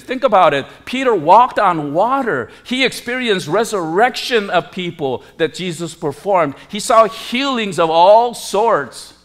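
High-voiced, slow preaching man. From lived in Korea. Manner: emphatic preaching with rising, forceful peaks. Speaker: pastor. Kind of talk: sermon.

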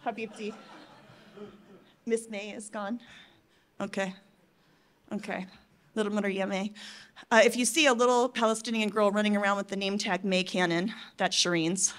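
A woman giving an impassioned, tearful conference address, pleading and emphatic with her audience, swinging between loud outbursts and soft, hushed moments. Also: mid-range voice, steady tone, moderate pace, long pauses. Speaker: conference speaker.

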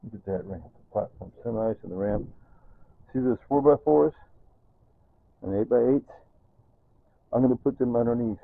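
An older man vlogging casually at home, excitedly showing his tomato plants and repeating exclamations, filmed on a camera held close. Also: mid-range voice, moderate pace, creaky, long pauses, no room sound. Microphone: phone camera held close. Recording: dry tinny phone-like audio.

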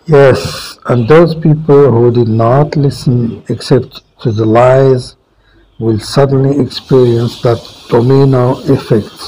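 A man reading a fable aloud and adding his own comments, deliberate with small restarts. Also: medium pitch, steady tone, dark tone, slight background noise, poor audio. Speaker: storyteller.

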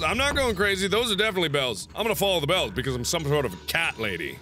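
A man giving running commentary on a horror game playthrough. He mutters to himself as he explores and shouts taunts at the ghosts on screen. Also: fairly high pitch, wildly swooping pitch, fast, few pauses, noisy background. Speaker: gaming video host. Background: loud game music.

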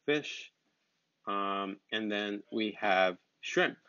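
A man teaching basic English vocabulary, speaking slowly with simple words and repeating each word patiently. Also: on the low side, a bit bright, no room sound. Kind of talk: slow, simple vocabulary lesson. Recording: dull, lo-fi sound.

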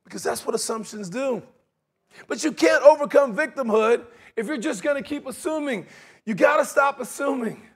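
A man preaching a sermon in a conversational, animated way, acting out quotes and laughing along with his points. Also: very high-pitched, normal speed, breathy edge.

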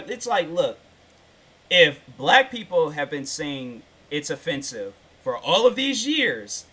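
Bright-voiced man in a rambling rant. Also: on the high side, animated, normal speed, breathy edge. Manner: rambling, slangy, full of "like" and restarts; emphatic, insistent when making a point. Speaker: YouTuber. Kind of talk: casual rant.

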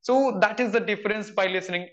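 A man's voice: high voice, fast talker, fairly bright tone. A young Indian man with an Indian English accent, chatting earnestly as a guest and filling his talk with "like, you know". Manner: earnest, uses many "like, you know" fillers. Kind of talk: casual conversation. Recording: dull, lo-fi audio.

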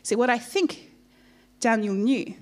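High-voiced woman preaching playfully. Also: measured pace. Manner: lively storytelling, playful asides to the congregation. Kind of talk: sermon. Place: church.

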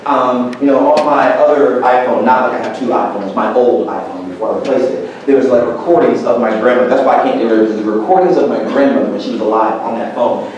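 A man's voice: mid-range voice, quick pace, hardly any pauses, a little mellow, highs cut off. A man giving a motivational talk to a school audience, telling stories and acting out the voices of the people in them. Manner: storytelling, acts out quoted voices. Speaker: guest speaker. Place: school auditorium. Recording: very echoey hall, mic far off.

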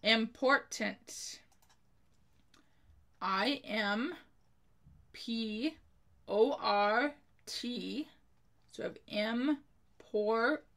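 A woman slowly teaching a spelling lesson to children, spelling each word letter by letter in a careful manner and giving an example sentence. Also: medium pitch, a bit bright.

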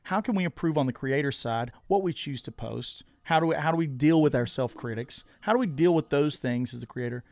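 A man's voice: a little high, fairly quick, creaky, few pauses, a little mellow. A man hosting a casual podcast conversation, asking earnest questions and restarting his sentences often. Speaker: podcast host.

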